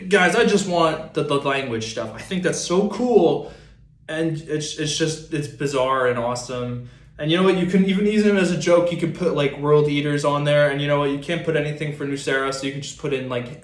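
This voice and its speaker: A man's voice: fairly high pitch, roomy sound. A young man talking casually to camera as a small YouTuber, playful and rambling, making mock demands. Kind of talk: casual comedic rant to camera.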